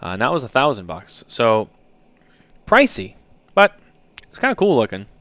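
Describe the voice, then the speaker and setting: Man, 30s, podcast co-host, casual rambling chat, smooth resonant tone. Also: mid-range voice, huge pitch swings, normal speed, fairly bright tone, dry recording. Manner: rambling storyteller, many fillers.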